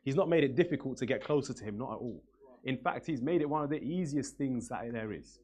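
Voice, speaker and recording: Husky-voiced guy preaching a sermon, earnest, keeps repeating lines for emphasis. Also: mid-range voice, animated, fast, warm tone. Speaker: religious speaker. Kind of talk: sermon storytelling.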